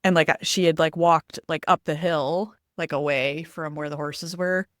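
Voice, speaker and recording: A woman from Western North Carolina, a podcast co-host, sharing a memory in relaxed, filler-filled chat. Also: sits low, normal speed, dry recording, clean studio sound. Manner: chatty, many fillers. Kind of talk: casual conversational chat.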